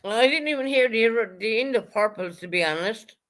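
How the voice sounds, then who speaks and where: A woman's voice: on the high side, expressive, normal speed, fairly bright tone. Foul-mouthed woman ranting on a livestream. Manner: profane, heated and repetitive; addresses chat viewers by name. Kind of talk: angry livestream rant.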